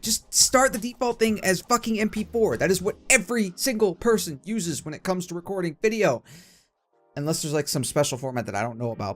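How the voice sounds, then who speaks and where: Young male gaming host, casual ranting commentary, lots of swearing, slightly high pitch. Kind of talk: casual let's play commentary.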